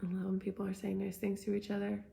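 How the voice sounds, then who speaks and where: A woman's voice: medium pitch, monotone, fast, gravelly, mellow. A young woman hosting a live talk, speaking with passion and emphasis and often asking "right?". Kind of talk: live-streamed casual talk, reading comments.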